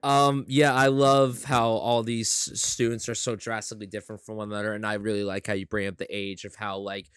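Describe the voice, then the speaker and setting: A man's voice: lowish voice, level tone, a little fast, hardly any pauses, fairly bright tone, clean tone, no echo, studio quality. A man guesting on a podcast, chatting animatedly, swearing and acting out lines. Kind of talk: casual chat.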